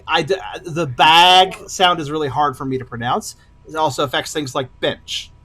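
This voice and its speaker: A man's voice: fairly high pitch, fairly even intonation, normal speed, pushed and bright. A man with an Oregonian accent, chatting and joking while he plays a game, laughing often and thinking aloud. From Oregon, United States. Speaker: let's play host. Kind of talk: casual gaming commentary.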